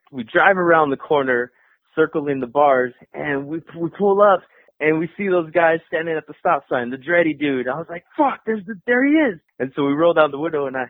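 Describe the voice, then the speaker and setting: A young man calls in and tells a rowdy tale with plenty of swearing, jumping into other people's voices along the way. His voice sits a little high. It comes through a thin, tinny, dry phone line. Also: no room sound. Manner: profane, animated, acts out voices. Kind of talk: casual storytelling.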